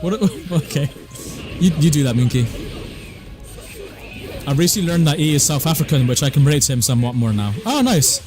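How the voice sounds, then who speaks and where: A man's voice: on the high side, animated, fairly quick, pauses often, over music. A man from southwest England with a West Country accent, chatting casually on a game stream and answering chat in a laid-back way. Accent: West Country English.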